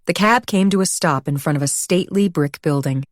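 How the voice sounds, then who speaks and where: A woman narrating an audiobook in a steady, measured reading style. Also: fairly low pitch, dry recording, studio quality. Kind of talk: scripted narration.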